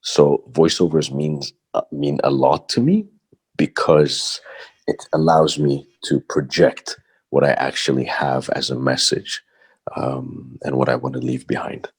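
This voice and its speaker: A man's voice: rumbling low, unhurried, vocal fry, husky. A man from Bahrain, a voice-over artist, talking reflectively as a podcast guest with frequent fillers and restarts. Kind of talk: casual interview talk.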